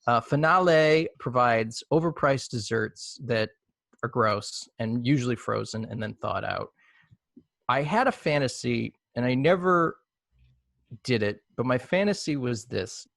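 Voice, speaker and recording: Deadpan man telling a comic story. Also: medium pitch, vocal fry, no echo. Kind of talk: comedic storytelling on a video call. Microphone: video call.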